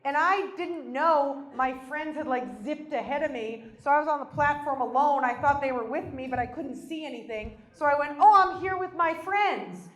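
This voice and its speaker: Stand-up comedian, woman, high voice, self-deprecating and animated, live-stage mic with a roomy echo. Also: moderate pace, hardly any pauses. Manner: self-deprecating, animated storytelling with acted-out quotes.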